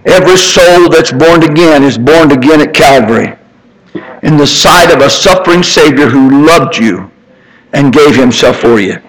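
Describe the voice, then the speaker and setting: An older man preaching an impassioned sermon, climbing to high emphatic peaks and then dropping into soft, tender storytelling. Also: moderate pace, rough recording.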